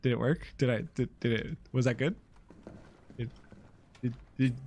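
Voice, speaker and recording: A game streamer giving casual live commentary, giggly and excitable, talking directly to chat. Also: mid-range voice, unhurried, breathy edge.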